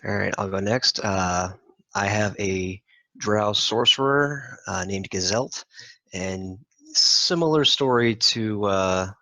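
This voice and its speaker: A man playing in a tabletop game, relaxed, with frequent fillers. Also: lowish voice, slow, no echo, poor audio. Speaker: player.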